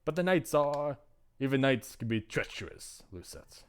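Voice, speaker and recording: A man's voice: medium pitch, sing-song, normal speed, clean tone, close to an everyday voice. A man voicing a possessive, warning mother. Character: possessive, secretive mother warning her daughter.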